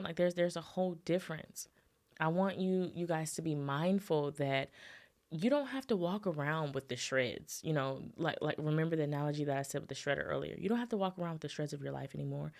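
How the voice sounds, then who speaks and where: A young adult woman hosting a solo podcast, talking casually and expressively to her listeners. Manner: chatty, addresses listeners as y'all and sis; expressive, with quick jumps up in pitch. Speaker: podcast host.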